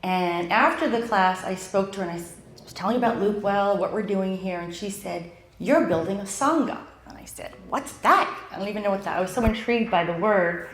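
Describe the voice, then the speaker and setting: A woman's voice: mid-range voice, fairly even intonation, fast talker. Chatty middle-aged woman hosting in echoey room. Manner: chatty, heartfelt, with many fillers and restarts. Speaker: host and club founder. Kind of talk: hosting a live in-person event. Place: in-person event room. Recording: roomy echo of a live venue.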